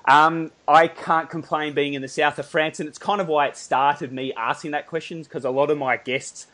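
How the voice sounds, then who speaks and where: A man's voice: a little high, steady tone, normal speed, sharp tone. Chatty Australian man hosting. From Melbourne, Australia. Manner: chatty, laughs often, rambling. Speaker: podcast host. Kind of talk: casual interview chat.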